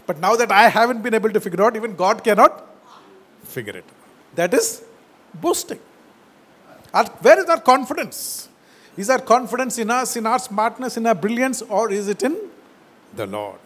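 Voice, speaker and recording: A pastor preaches in a high-pitched voice, leaning hard on key words. He slows down to quote scripture and lets his phrases fall low and soft at the end. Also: big pitch swings. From India. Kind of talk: sermon.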